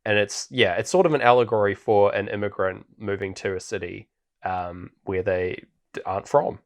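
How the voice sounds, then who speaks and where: A man's voice: lowish voice, steady tone, moderate pace. A man co-hosting a podcast, recapping a film in a rambling casual chat with many fillers and frequent laughter. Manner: rambling, laughs often, heavy filler words. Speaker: podcast co-host.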